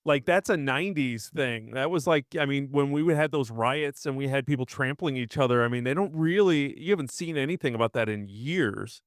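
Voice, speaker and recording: Smooth-voiced man, animated chatty storyteller. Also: normal speed, hardly any pauses, dry recording, clean studio sound. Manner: animated, acts out other people's voices in a high squeal. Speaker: podcast co-host. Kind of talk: casual chat.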